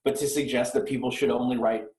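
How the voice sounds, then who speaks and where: A man in casual chat, sarcastic and foul-mouthed as he rants about rock stars. His voice sits at a middle pitch and rings in a roomy, echoey space. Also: level tone, quick pace, a little mellow. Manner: profane, ranting and sarcastic. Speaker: podcast co-host.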